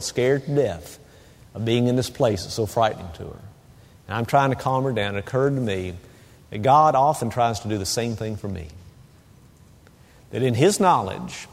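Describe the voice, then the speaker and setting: A man preaching a sermon as a pastor, telling stories with lively rises and dropping to a hushed, soothing voice at times. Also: medium pitch, creaky. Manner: animated storytelling, hushed soothing asides. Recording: long reverb of a sanctuary.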